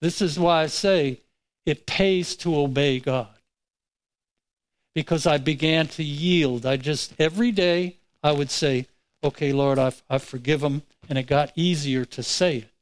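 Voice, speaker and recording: A man preaching a sermon, telling a personal story in an animated way and acting out his own words. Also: on the high side, measured pace, low-quality recording. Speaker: pastor.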